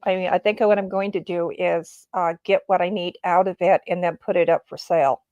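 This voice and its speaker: A woman's voice: fairly low pitch, fairly even intonation, a little fast, a little mellow, no room sound, lo-fi sound. A woman in casual chat, talking at length in a chatty way with some hesitations. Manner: chatty, talks at length about staying organized, some hesitations.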